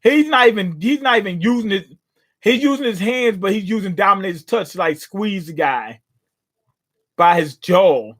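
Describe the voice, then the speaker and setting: A man's voice: high-pitched, animated, normal speed, a bit bright. A man hosting a casual live reaction, commenting in a slangy, joking way. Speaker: manga reaction host.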